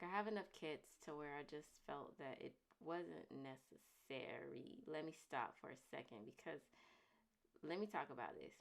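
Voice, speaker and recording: Chatty, emphatic woman vlogger with a lowish voice. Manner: chatty and emphatic, repeats points forcefully. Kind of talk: casual chat to camera.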